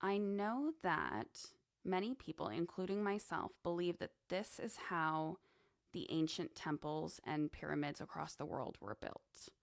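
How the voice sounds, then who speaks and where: Woman podcast host, low and slow, gravelly, dry close sound, musing monologue. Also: expressive, dry recording. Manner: slow, musing, conversational with asides. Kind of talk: casual monologue on esoteric topics.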